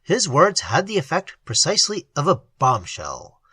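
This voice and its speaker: Narrator: animated, bright, breathy tone, dry close sound. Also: medium pitch, moderate pace, no room sound. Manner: expressive storytelling. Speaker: audiobook narrator. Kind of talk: scripted narration.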